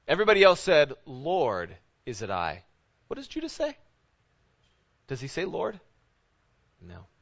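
A man preaching a sermon as a pastor, his voice a little higher than most men's. He asks one rhetorical question after another and keeps checking in with "right?". He swings from loud emphasis down to low, hushed intensity, and the recording sounds dull and lo-fi.

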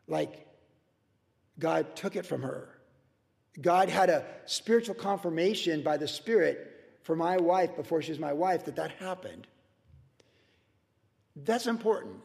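A man's voice: fairly high pitch, lively intonation, unhurried, vocal fry, pauses often, a little mellow, big-room sound. A man preaching a verse-by-verse sermon in a conversational way, full of personal stories and restarts. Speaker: pastor.

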